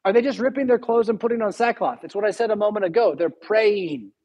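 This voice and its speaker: A man's voice: high-pitched, fast talker, a little mellow, breathy edge, dull audio. A man preaching a sermon as pastor, emphatic and full of rhetorical questions.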